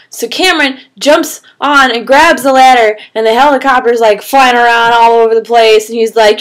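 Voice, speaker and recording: A woman's voice: a little high, normal speed, few pauses. A woman casually telling a made-up story, rambling with fillers and swearing.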